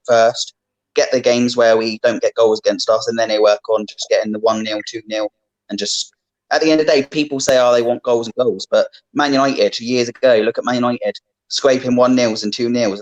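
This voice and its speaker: Earnest man on a muffled line. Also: mid-range voice. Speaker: caller. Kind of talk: fan phone-in chat.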